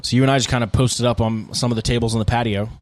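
A man's voice: mid-range voice, steady tone, racing. A man co-hosting a podcast, telling tour stories in a laid-back, casual way with lots of fillers. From United States. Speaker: podcast co-host, band guitarist. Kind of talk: casual chat.

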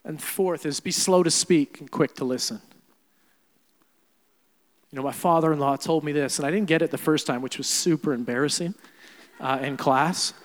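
A young adult man preaching a sermon as pastor, animated, swinging between loud emphasis and quiet asides. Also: on the high side, moderate pace, long pauses. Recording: long hall reverb.

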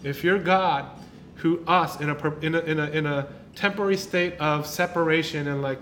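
Conversational male pastor, slightly high voice. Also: moderate pace, a bit bright, a little hiss or hum. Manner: conversational, repeats words, many tag questions. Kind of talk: informal sermon.

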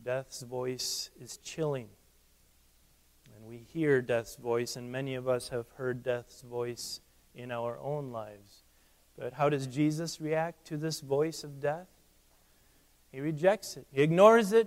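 A male pastor with a somewhat high voice delivers a sermon in a dramatic way, rising to loud emphatic peaks and dropping to hushed lows. He often doubles words as he starts a phrase. His voice rings out with a long reverb from the church room.

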